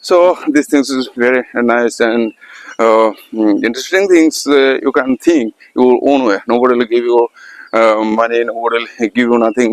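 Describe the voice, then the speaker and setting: A man teaching English, speaking haltingly with many pauses and non-native grammar in a casual motivational talk, standing outdoors at a festival ground. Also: mid-range voice, no echo.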